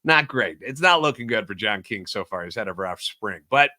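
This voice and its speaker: A man's voice: lowish voice, expressive, normal speed, pushed and bright. A man hosting a solo sports podcast, ranting sarcastically and animatedly about overreactions. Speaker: podcast host.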